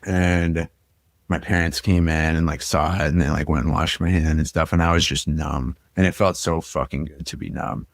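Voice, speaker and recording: A young man with a very low, deep voice recounts his own past on a podcast, speaking reflectively and leaning on "like" and "you know." The sound is close and dry, with no room around it. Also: fairly even intonation, normal speed, gravelly, dry recording. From Minnesota. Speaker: podcast guest. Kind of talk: personal storytelling in a podcast interview.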